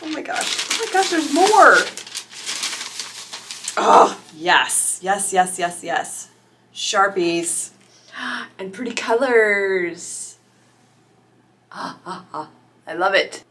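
A middle-aged woman vlogging as an author YouTuber, gushing and squealing with excitement while unboxing gifts, teary-eyed. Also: mid-range voice, very slow, long pauses, slight background noise. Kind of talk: unboxing vlog.

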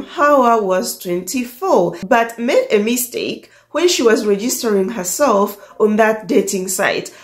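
East african lady vlogging, kinda high voice, takes her time, laughs a lot, echoey room. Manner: animated, laughs often, acts out quoted lines. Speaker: dating coach vlogger. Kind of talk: casual storytelling to camera.

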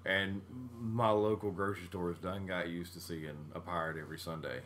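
Man, low voice, animated storyteller, casual podcast chat. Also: fairly quick, slight background noise. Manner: animated storyteller who laughs mid-sentence. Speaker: podcast co-host.

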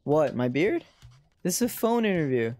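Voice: mid-range voice, big pitch swings, moderate pace, darkish tone, faint music behind, close to an everyday voice. A streamer reading as a wry, weary father.

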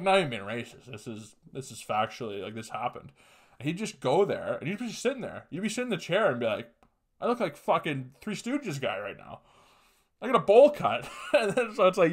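A young man hosting his own podcast, telling long, rambling stories full of swearing, laughs and quick asides. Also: medium pitch. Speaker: podcast host. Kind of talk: casual solo podcast storytelling.

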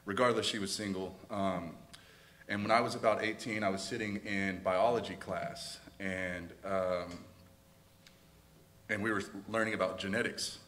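A young man from Texas, a student, sharing a personal testimony in a church, hesitant and halting with many fillers. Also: fairly low pitch, steady tone, a bit bright.

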